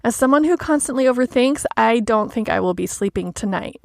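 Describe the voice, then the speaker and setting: A woman hosting a solo coaching podcast, talking in a gentle, measured, reflective way. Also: on the high side, lively intonation, vocal fry, no room sound, studio quality. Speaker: life coach podcast host.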